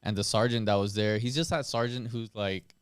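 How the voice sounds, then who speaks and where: A man's voice: lowish voice, steady tone, fairly quick, clean tone, no room sound, clean studio sound. An American man in his thirties hosting a podcast, telling a story in laid-back, swear-heavy casual chat. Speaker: podcast host.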